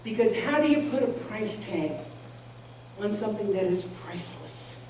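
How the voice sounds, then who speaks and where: A woman's voice: mid-range voice, moderate pace, background noise. A woman giving a humorous sermon to a congregation in a large hall, telling jokes and stories. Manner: lively, joking storyteller. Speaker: minister. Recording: echoey hall, distant mic.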